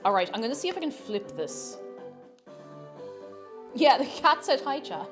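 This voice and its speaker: Girl chatting away while she bakes at home, bit high, voice bouncing all over, soft music under it. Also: big pitch swings, normal speed. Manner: chatty and playful, coos in baby talk to a cat. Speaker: streamer. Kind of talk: casual livestream chat while baking. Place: home kitchen.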